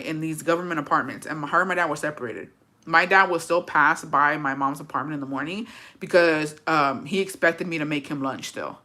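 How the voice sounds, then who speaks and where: A woman's voice: deep voice, bright, forceful tone. A young woman telling a personal story in a casual vlog, blunt and swearing a lot, rambling with fillers and slipping into Spanish.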